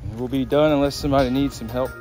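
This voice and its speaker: A man's voice: medium pitch, fairly even intonation, rapid-fire, music in the background. A man casually vlogging as a roofing contractor, chatting easily while eating and working outdoors. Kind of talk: casual vlog talk to camera. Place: outdoors by a car and on a roof, wind and traffic around. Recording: loud outdoor noise behind.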